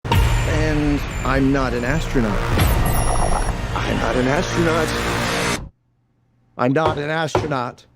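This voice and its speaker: A man's voice: medium pitch, takes it slowly, long pauses, over loud music. An actor playing a shaken male scientist stranded in space, repeating himself in panic, in a film clip. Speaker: film character. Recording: film clip under loud score.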